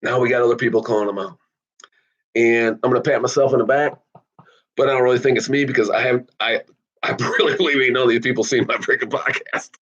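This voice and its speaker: A man hosting his own podcast, talking in a casual, blunt monologue that swings from loud outbursts to low asides. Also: steady tone, quick pace, dull audio. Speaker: podcast host.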